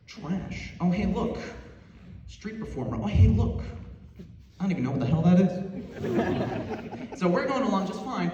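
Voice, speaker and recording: A young man doing stand-up comedy, animated and rambling, laughing through his stories with many fillers. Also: high-pitched, highs cut off. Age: young adult. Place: theater stage before a live audience. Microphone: audience phone from far off. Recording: echoey hall from far off, audience noise.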